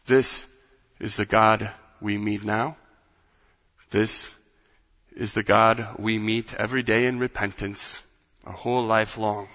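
A man preaching a sermon in rhythmic, repeated phrases that build to loud, impassioned peaks. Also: lowish voice, level tone, takes it slowly, pauses often. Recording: dull sound with long hall reverb.

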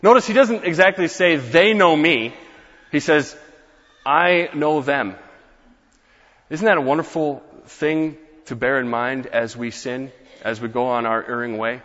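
A man's voice: medium pitch, normal speed, a bit bright. A young male pastor delivering a sermon, earnest and building to emphatic rhetorical questions. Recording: muffled, echoey church hall.

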